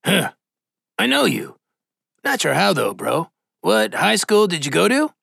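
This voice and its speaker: Casting: man playing a chatty dude, pitched up, bouncy. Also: a little slow, vocal fry, breathy edge, no room sound, clean studio sound, exaggerated voice. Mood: excitable. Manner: excitable, slangy. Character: goofy young male slacker, chatty.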